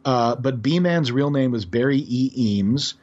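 A male podcast guest who tells stories about odd old comics in a lively way and chuckles as he goes. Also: medium pitch, takes it slowly, dull audio. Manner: animated storyteller, chuckles while describing odd comics. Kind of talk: casual podcast conversation.

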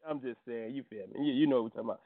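A man hosts a casual morning show, talking loosely with plenty of slang and fillers. His voice sits at an ordinary pitch. The sound is thin and phone-like. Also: rapid-fire. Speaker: host.

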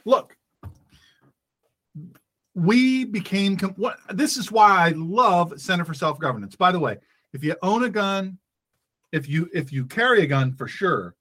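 A man's voice: high voice, animated, unhurried, pauses often, fairly bright tone. A man hosting a talk radio show, speaking as a pastor in a fervent, emphatic monologue that repeats phrases for effect.

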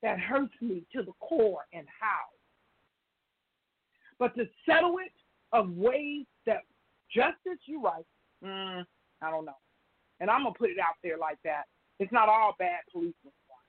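A woman's voice: medium pitch, very animated, unhurried, long pauses, breathy edge, dry recording. A woman calling into a talk show, speaking with impassioned, preaching conviction. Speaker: caller. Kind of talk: emotional call-in talk. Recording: phone line.

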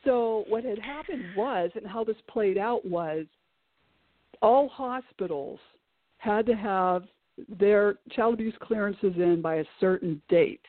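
A middle-aged woman, an author guest, telling her personal story in an animated way, with many fillers and restarts. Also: mid-range voice, a little slow, dry recording. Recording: tinny call-like audio, dry.

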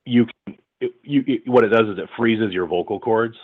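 A man's voice: fairly low pitch, normal speed. A man who works as a voice-over artist, talking casually in an interview with many fillers and restarts. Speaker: voice-over artist, audiobook narrator. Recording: tinny phone-like line.

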